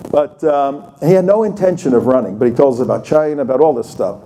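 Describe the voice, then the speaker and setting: A man's voice: on the high side, brisk, mellow, slight background noise. An older man giving a conversational talk at a conference, telling anecdotes and acting out the people in them. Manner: conversational, tells anecdotes with voiced quotes. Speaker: conference speaker. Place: conference room.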